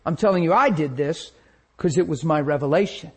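A male preacher telling a personal testimony in a sermon, animated storytelling that acts out the scenes. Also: fairly high pitch, a little fast, breathy edge. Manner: animated storytelling, acting out his own crying.

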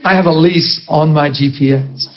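Middle-aged man, pastor, chatty sermon with funny stories, rhetorical questions, high voice, dull lo-fi recording. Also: normal speed. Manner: chatty, animated, asks the listeners rhetorical questions.

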